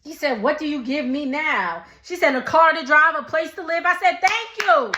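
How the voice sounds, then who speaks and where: Sassy lady doing a tv recap, high bright voice, echoey room. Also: moderate pace. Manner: sassy, animated, talks back to the cast. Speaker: recap vlogger. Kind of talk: casual reality TV recap.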